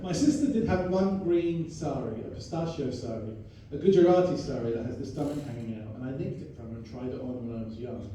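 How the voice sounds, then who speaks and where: A young man from London with a London accent doing a stand-up set, quick, playful and self-mocking. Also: medium pitch, dark tone, slight background noise. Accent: London English. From London, England. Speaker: stand-up comedian. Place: live comedy club stage. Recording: echoey room from a distance, crowd ambience.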